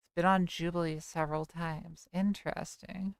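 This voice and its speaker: A woman's voice: on the low side, level tone, moderate pace, creaky, clean tone, dry recording, clean studio sound. A young woman streamer chatting casually and rambling as she reads her chat aloud.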